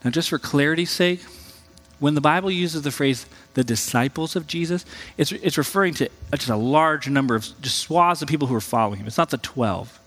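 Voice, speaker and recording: Animated man preaching in a reverberant hall. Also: brisk. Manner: conversational, animated, jumps in pitch for quoted voices. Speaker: pastor. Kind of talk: sermon.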